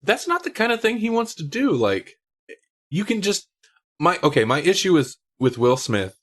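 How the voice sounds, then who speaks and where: A man's voice: high voice, big pitch swings, moderate pace, a bit bright. A man co-hosting a podcast, chatting casually and laughing often. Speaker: podcast co-host. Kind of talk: casual chat.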